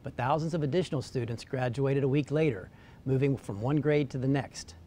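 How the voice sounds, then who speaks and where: A man reads his weekly commentary in a wry, deadpan manner, letting dry jokes land without fuss. His voice sits at an ordinary middle pitch. A faint low rumble hums under the recording. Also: fairly quick. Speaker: columnist giving weekly commentary. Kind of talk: scripted dry-humored commentary.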